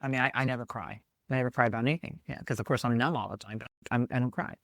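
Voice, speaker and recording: A woman co-hosting a podcast, sharing stories in a heartfelt, expressive way. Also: a bass voice, racing, no room sound, clean studio sound. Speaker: podcast co-host. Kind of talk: casual podcast chat.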